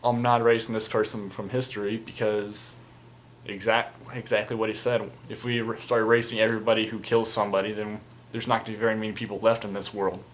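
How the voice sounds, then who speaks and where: A man voicing an emotionless male judge who speaks in a flat, measured way. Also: fairly low pitch, a little hiss or hum, lightly acted, poor audio. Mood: calm.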